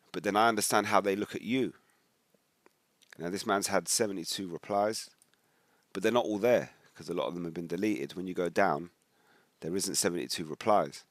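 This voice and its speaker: Deep-voiced british guy ranting casually about comments and scripture, dry sound. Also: a bit bright, dry recording. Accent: British English. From United Kingdom. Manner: conversational, rambling, reads comments aloud. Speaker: religious commentator. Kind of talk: casual commentary reading social media posts.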